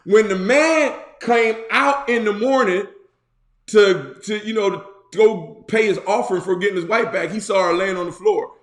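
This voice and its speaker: A male pastor preaching a sermon, retelling a story in colloquial slang with lively asides. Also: high voice, normal speed. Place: church. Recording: roomy echo.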